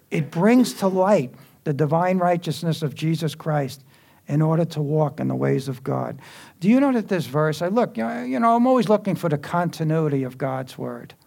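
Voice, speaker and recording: Gravelly preacher guy, chatty sermon in church, voice a bit high. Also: darkish tone. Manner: conversational, quipping asides to the congregation.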